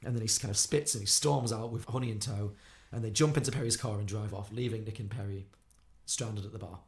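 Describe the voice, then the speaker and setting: A man on a podcast, retelling a film plot quickly and acting out the characters' lines. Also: lowish voice, fairly even intonation. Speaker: podcast co-host. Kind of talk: casual film podcast recap.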